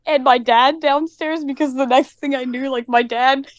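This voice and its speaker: A woman's voice: high voice, steady tone, moderate pace, no echo, studio quality. A woman in her twenties, a podcast co-host telling a story in a rambling, breezy way. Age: 20s. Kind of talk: casual chat.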